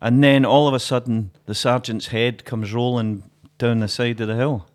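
A man, a podcast co-host, telling a joke and chatting casually, animated and laughing often. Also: mid-range voice, normal speed.

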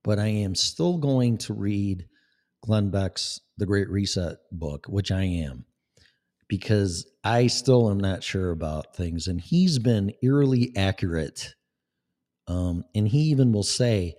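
Low-voiced man ranting, profane. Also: animated, measured pace, dark tone. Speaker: vlogger. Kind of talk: political rant. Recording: long echoing reverb.

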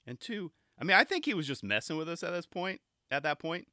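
A man hosting a show, chatting casually and excitedly as he reviews skate video clips, often restarting his sentences and laughing. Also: on the high side, fairly quick, no echo, studio quality.

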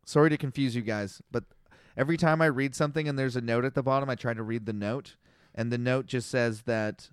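A man co-hosting a casual podcast, reading scripture aloud in a plain, flat way and stumbling over unfamiliar names. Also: medium pitch, brisk, clear, resonant tone, no echo, clean studio sound.

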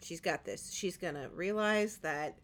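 A woman's voice: on the low side, a little slow. A woman co-hosting a casual chat, cutting in with wry, teasing remarks. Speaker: podcast co-host.

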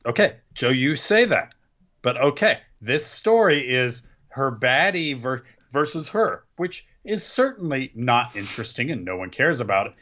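A man's voice: mid-range voice, sing-song, a little slow, bright, forceful tone. Dry man on a dull-sounding line. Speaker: podcast co-host. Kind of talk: casual wrestling chat.

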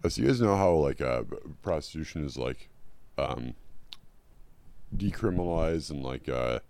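Very low-voiced man, rambles and hesitates a lot, dry close sound. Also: expressive, moderate pace, a little mellow, clean tone, dry recording. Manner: rambling, hesitant, many fillers and restarts. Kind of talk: casual comedy podcast chat.

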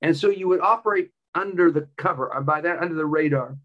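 A man's voice: on the high side, quick pace, phone-quality sound. A male preacher delivering a sermon with a personal story, emphatic and repeating key phrases.

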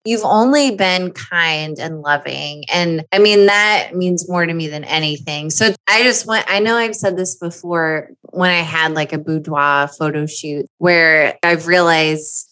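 A woman guest on a podcast, talking in an earnest, heartfelt way. Her voice sits a little low for a woman. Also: a little slow, hardly any pauses, pushed and bright, poor audio. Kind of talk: candid casual conversation.

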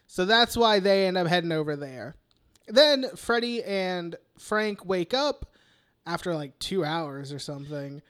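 Tired, high-voiced man retelling a movie. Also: animated, unhurried, a bit bright, clean tone. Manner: rambling, swears a lot, acts out characters in voices. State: tired, yawning. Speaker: podcast co-host. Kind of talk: casual film recap chat.

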